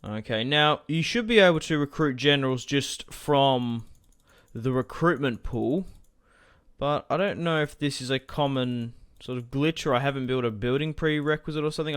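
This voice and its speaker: A man's voice: medium pitch, normal speed, fairly bright tone, smooth. A man hosting a gaming channel, casually talking through his strategy game as he plays, thinking aloud with asides to viewers. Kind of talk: casual gameplay commentary.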